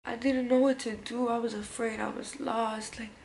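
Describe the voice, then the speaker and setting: A young woman recounts a story for her vlog in loose, slangy speech, stumbling over fillers and restarts and now and then sinking to a whisper. Her voice sits a little high, with a faint hum of room noise behind it. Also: flat delivery, creaky, a little mellow, poor audio. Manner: casual, slangy, halting with many fillers and restarts. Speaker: vlogger.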